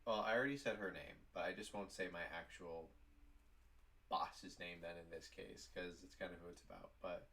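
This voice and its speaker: Low-voiced man telling a rambling story. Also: steady tone, normal speed, bright, forceful tone. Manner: rambling, heavy use of "like". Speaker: vlogger. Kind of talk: casual storytime vlog.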